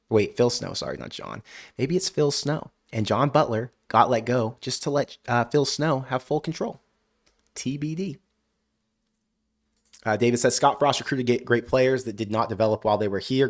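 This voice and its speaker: A man hosting a live college football stream, reading viewer comments aloud and answering with animated rants. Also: medium pitch, normal speed. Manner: ranting, animated outbursts; frequent "I don't know" hedging. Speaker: college football show host.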